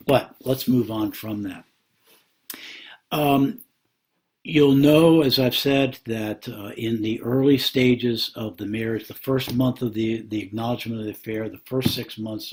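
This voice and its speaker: A man giving Christian marriage advice to camera, earnest and slow, with many pauses and fillers, stressing points by repeating words. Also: on the low side.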